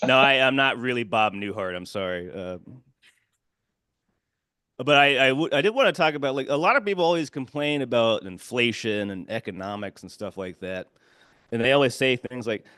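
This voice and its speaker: Deadpan stand-up comedian man. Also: medium pitch, normal speed, smooth, no echo, clean studio sound. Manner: deadpan, mock phone call, self-deprecating. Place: small cafe stage.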